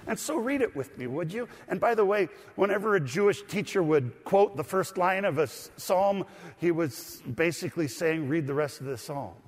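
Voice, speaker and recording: A man's voice: sits high, animated, normal speed. A man preaching a sermon as pastor, teaching and asking the congregation to read along. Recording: long hall reverb.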